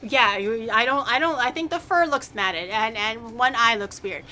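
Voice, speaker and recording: A woman streamer in casual chat, animated and laughing often, acting out quotes in a raised voice. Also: a little high, normal speed, a crowd in the background.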